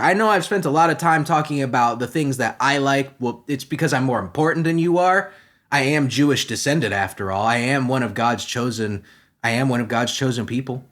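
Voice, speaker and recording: A man hosting a comedy podcast, ranting in a profane, agitated way and swinging between shouting and muttering. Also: medium pitch. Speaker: podcast host.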